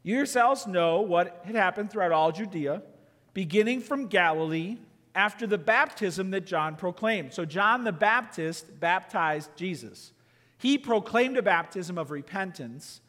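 A man's voice: high-pitched, a bit bright. A man preaching a sermon as pastor, emphatic, with many rhetorical questions. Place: church sanctuary. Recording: long church reverb.

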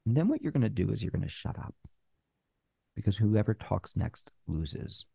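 A man teaching screenwriters how to pitch, acting out both sides of a pitch meeting and pausing on purpose. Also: sing-song, gravelly, dark tone, breathy edge, no echo. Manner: uses deliberate pauses. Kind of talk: instructional talk.

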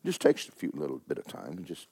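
A man preaching a sermon, with folksy asides, rising loud to stress a point and dropping low to tell a story. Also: wildly swooping pitch, a little fast, gravelly, breathy edge. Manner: folksy preaching, rises loud for emphasis, drops low for stories. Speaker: pastor.

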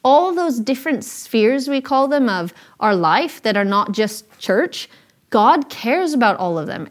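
A woman in her thirties giving an earnest, conversational Christian talk, telling stories with frequent ums and restarts. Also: fairly high pitch. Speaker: speaker sharing a Christian talk. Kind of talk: informal sermon talk with stories.

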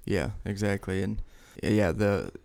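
Gravelly low-voiced man, dry sound. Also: slow pace, no room sound. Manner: quietly supportive, short agreeing replies. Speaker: counselor. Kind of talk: casual podcast conversation.

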